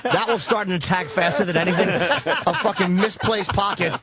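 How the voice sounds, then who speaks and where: A man's voice: high-pitched, animated, normal speed, very noisy. A man in casual chat, brash and profane, laughing as he talks.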